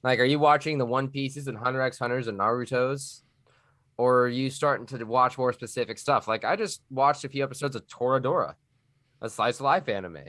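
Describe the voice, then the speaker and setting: A man from Texas rambles and jokes through a casual podcast chat. He slips between a relaxed drawl and a nerdy put-on voice, all in a mid-range pitch. The recording is dry and close. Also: fairly quick, no room sound. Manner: loose, joking, rambling. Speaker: podcast guest.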